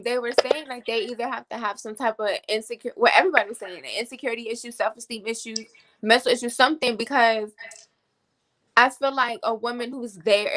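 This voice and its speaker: A woman's voice: a little high, fairly bright tone. A woman as a podcast guest in casual group chat, bluntly challenging the host, with lots of "like".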